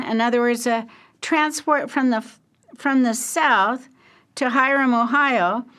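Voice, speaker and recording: A slow-spoken older woman gives a history lecture in a storytelling way. Her voice sits a little high for a woman. She pauses often, stumbles over words and adds chatty asides as she goes. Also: fairly bright tone. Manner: slow, halting, with many fillers and asides.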